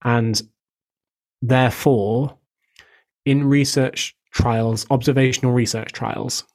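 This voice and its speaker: Flat-voiced man explaining nutrition. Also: medium pitch. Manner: measured, explanatory, even delivery. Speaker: fitness and nutrition coach. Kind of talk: podcast discussion, answering questions.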